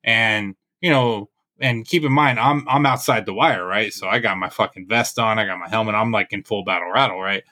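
A man in casual podcast chat, swearing heavily and telling animated stories, forever checking in with "right?". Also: on the low side, a little fast, hardly any pauses. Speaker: podcast co-host. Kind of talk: casual profane chat, storytelling.

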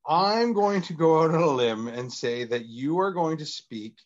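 A man's voice: on the high side, expressive. Teasing man with lo-fi sound. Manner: teasing, talks fast in bursts. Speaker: podcast co-host. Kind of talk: casual banter. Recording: dull lo-fi sound.

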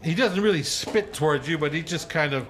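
A man's voice: on the high side, brisk, a bit bright. A man narrating a tabletop game as game master, loose and hesitant with many fillers.

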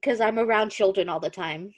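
A woman hosting a casual podcast chat and reading fan fiction aloud, animated and quick to laugh. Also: mid-range voice. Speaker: podcast host and reader.

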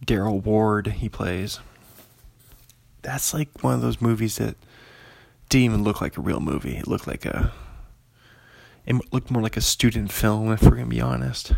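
A man's voice: lowish voice, normal speed, vocal fry, a little mellow, dry recording. A young man rambling casually through a film list, chatty and digressive, reading listings aloud and laughing often. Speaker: commentator reviewing an actor's films.

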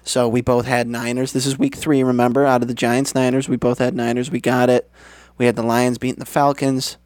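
A man's voice: medium pitch, level tone, brisk, a little mellow, no room sound. Young male podcast co-host, loose and profane, dry close mic. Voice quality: laid-back, swears often, laughs easily. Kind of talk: casual sports chat.

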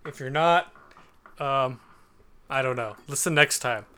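A man co-hosting a podcast in easy chat, joking and tripping over his opening words. His voice is bright and forward, with a smooth, clean tone. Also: mid-range voice, unhurried. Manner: joking, stammers on first words. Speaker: podcast co-host. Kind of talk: casual chat.

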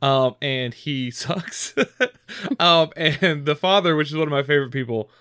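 A man's voice: fairly high pitch, normal speed, sharp tone, smooth, dry recording, studio quality. A man co-hosting a casual movie recap chat, rambling with lots of fillers and frequent giggles. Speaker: podcast co-host.

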